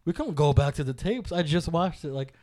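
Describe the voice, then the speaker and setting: A high-voiced young man on a podcast, talking with a lively, swooping pitch. He tells a casual story, swears freely and jumps up loudly when he acts out what people said. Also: brisk. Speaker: podcast co-host.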